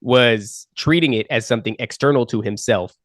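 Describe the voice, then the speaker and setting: A man's voice: mid-range voice, normal speed, no room sound, clean studio sound. A man who is a podcast guest, arguing his point and building a case. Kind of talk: casual podcast conversation.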